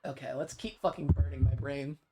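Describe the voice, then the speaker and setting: A man's voice: medium pitch, fairly even intonation, brisk, noisy background. A man streaming a visual novel, thinking aloud and swearing freely while he reads the text aloud. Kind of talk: casual let's-play commentary and reading aloud.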